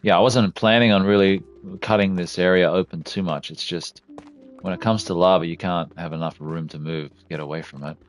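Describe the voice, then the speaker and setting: A fairly low-voiced man streaming a game, talking casually and loosely. He curses freely and bursts into loud yelps whenever something jumps out at him. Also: brisk, faint music behind. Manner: excitable, swears, yelps at surprises. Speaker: let's play streamer. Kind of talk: casual gameplay commentary.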